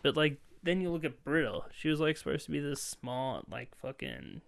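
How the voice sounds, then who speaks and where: A man's voice: a little high, big pitch swings, normal speed, gravelly. A young man co-hosting a podcast, talking loosely in casual chat and swearing often. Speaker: podcast co-host.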